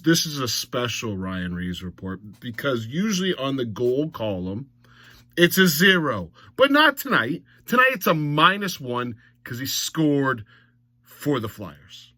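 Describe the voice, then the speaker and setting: A man's voice: mid-range voice, sing-song, measured pace, sharp tone, no room sound. A man recapping a hockey game in a blunt, mocking monologue that rises to exasperated outbursts. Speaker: hockey commentator.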